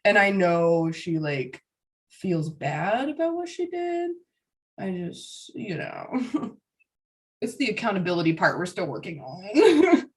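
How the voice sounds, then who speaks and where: A woman guest in a casual conversation, talking fast with plenty of swearing and frequent laughter. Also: lowish voice, very animated, distant mic. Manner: fast, profanity-laced and laughing often. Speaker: podcast guest, psychic medium.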